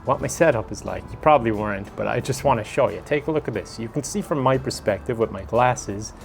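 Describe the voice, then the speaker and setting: A young man vlogs casually into a phone camera at home, rambling, joking at his own expense and laughing often. His voice sits at a medium pitch for a man. Faint music plays underneath. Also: quick pace, gravelly. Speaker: YouTuber. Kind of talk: casual vlog talk to camera. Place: at home, indoors and outdoors.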